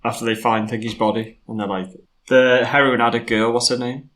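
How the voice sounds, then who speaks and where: A man co-hosting a podcast, animated and sweary as he retells his reactions to a film. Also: mid-range voice, fairly quick. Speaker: podcast co-host. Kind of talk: casual film-review chat.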